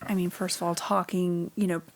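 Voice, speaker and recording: A woman appearing as a guest expert on a podcast, explaining things in a gentle, measured and supportive way. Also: lowish voice, level tone. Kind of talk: conversational explanation.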